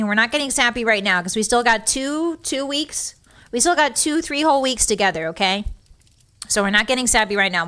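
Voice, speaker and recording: A young woman talks casually to her stream audience, her voice sitting a little high. She is chatty and emotional, giggling through her words. She speaks into a close desk microphone. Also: a bit bright. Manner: chatty, emotional, reads chat aloud, giggly. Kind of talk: casual live-stream chat.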